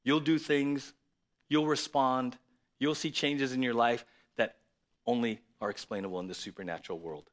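A man preaching a sermon to his church, lively and conversational, reading scripture aloud and then explaining it. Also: medium pitch, moderate pace. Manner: lively, conversational preaching with sudden loud emphasis. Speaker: pastor.

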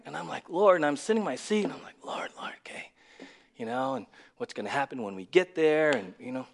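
A male pastor preaching a sermon, dropping to a near whisper and then rising to loud, emphatic lines. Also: medium pitch. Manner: swings from hushed to loud and emphatic.

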